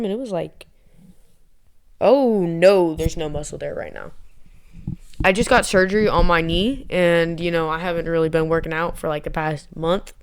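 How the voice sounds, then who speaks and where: A woman's voice: fairly low pitch, a little hiss or hum. A young woman chatting casually to camera as a vlogger, rambling, giggly and poking fun at herself. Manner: rambling, giggly, self-mocking.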